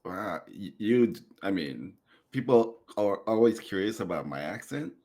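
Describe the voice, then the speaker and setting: A man born in Korea hosting a podcast in casual conversation, soft-spoken and self-deprecating, laughing often. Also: lowish voice, lively intonation, measured pace. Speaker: podcast host.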